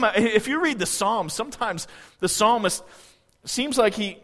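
A man's voice: sits high, animated, measured pace, a bit bright. A man preaching a sermon in a conversational way, often putting questions to the congregation. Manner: conversational, asks the congregation questions, many restarts. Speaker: pastor. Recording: long reverb of a large hall.

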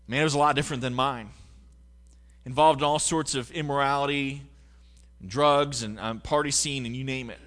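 A man delivers a sermon in a church, talking in an earnest, conversational way and stumbling over repeated words. His voice sits a little high for a man. A long reverb trails behind him, as in a big hall. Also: fairly bright tone. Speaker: pastor. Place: church sanctuary.

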